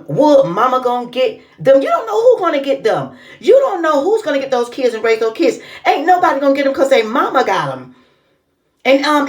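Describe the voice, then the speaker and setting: High-voiced woman scolding in indignant commentary. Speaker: commentary vlogger. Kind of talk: casual reaction commentary.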